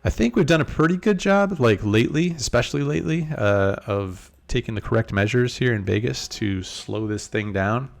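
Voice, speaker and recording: A man's voice: medium pitch, normal speed, vocal fry, hardly any pauses. A man hosting a casual poker live stream, chatting easily with viewers while talking through his hands. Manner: laid-back, chatty, multitasking while reading chat. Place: in Las Vegas.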